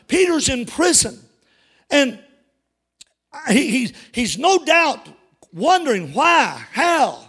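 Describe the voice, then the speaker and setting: High gravelly preacher man. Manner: emphatic, call-and-response preaching that rises to shouts. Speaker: pastor. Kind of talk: sermon.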